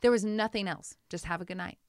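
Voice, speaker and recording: A woman hairstylist telling her story in a casual interview, animated and acting out what people said. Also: medium pitch, quick pace, dry recording, clean studio sound. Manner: animated, acts out quotes, laughs often. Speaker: guest, hairstylist.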